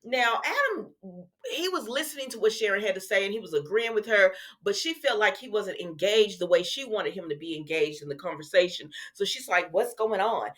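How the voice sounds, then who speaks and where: A woman's voice: medium pitch, expressive, brisk, a bit bright. A woman hosting a casual soap opera recap, chatting straight to her viewers. She retells the scenes in her own words and breaks off for frank asides. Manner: retells scenes and acts out the characters' lines.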